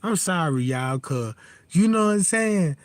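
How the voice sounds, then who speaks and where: A man's voice: high-pitched, a little slow, no echo. A man hosting a casual livestream, rambling and profane, getting heated and constantly asking if listeners know what he's talking about. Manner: heated and animated. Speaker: livestream host.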